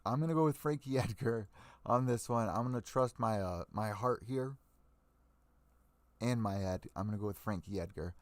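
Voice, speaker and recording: A man's voice: lowish voice, normal speed, no echo. A young man hosting an MMA podcast, ranting with a lot of swearing and giving fight predictions. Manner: profane, fired-up ranting. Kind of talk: ranting live stream commentary.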